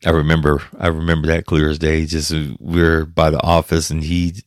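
A man hosting his own podcast, talking emotionally and haltingly with restarts, choked up and close to tears. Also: very deep voice, little pitch movement, no room sound. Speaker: podcast host. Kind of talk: personal podcast monologue.

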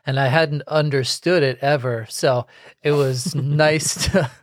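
A man's voice: mid-range voice, fairly even intonation, unhurried, no room sound. A man in his forties co-hosting a podcast, chatting casually with a dry, joking delivery. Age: 40s. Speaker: podcast co-host.

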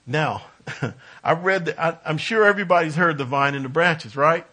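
A man teaching a Bible study, talking in a halting way with restarts and leaning hard on key words. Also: fairly high pitch, sharp tone.

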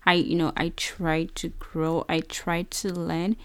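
Earnest Nigerian woman, gravelly low voice. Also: flat delivery, slow pace, no room sound. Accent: Nigerian English. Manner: earnest, many fillers like "you know" and "like". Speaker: podcast host. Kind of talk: reflective personal monologue.

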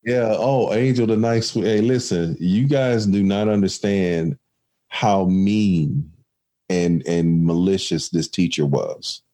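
A man's voice: low-pitched, slow pace, mellow. A man in casual conversation, reflective and storytelling, with many restarts.

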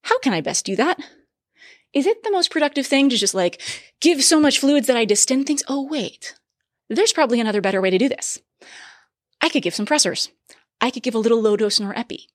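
A woman teaching a medical lecture in a bright, fairly high voice, talking to the listener like a colleague and throwing in quick asides. The sound is dry and close, with no room around it. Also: animated, no room sound.

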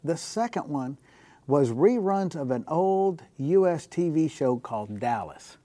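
A man with a slightly higher voice tells a personal faith story in an easy, chatty way, laughing softly at his own punchlines. His voice sounds close and dry, with no room around it. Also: big pitch swings, a little slow, dry recording. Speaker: guest telling faith stories. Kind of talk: casual storytelling.

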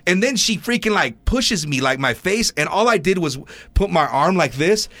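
A man hosting a podcast, telling a long story in casual, animated chat full of "you know" and "bro". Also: sits high, normal speed. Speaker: podcast host.

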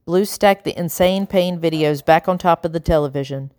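Woman, audiobook narrator, lowish voice, measured storybook reading, dry close sound. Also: a little mellow, no room sound.

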